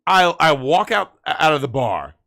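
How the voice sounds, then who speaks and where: Animated man telling a story. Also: a little high, a little slow, vocal fry. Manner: animated storyteller who repeats himself and swears. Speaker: guest. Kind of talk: casual chat, telling a story.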